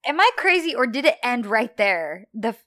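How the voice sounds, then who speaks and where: A woman co-hosting a casual podcast chat about a TV show, quick to agree and laugh along. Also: on the high side, big pitch swings, bright, forceful tone, dry recording, clean studio sound. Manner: responsive, frequent short agreements and laughs. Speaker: podcast co-host.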